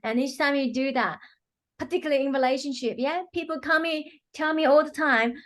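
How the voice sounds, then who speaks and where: Brief: woman healer explaining her practice, earnest, slightly higher pitch, loose filler-heavy phrasing. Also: brisk, fairly bright tone. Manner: earnest, many "you know" fillers, acts out quotes. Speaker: quantum healing practitioner, guest. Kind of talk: explanatory interview talk.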